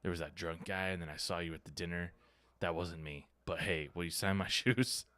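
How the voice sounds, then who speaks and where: A man's voice: low-pitched, a little fast, fairly bright tone, clear, resonant tone, no room sound. A man hosting a podcast, telling a story in casual chat, acting out quotes and swearing freely. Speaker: podcast host. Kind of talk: casual chat, animated anecdote.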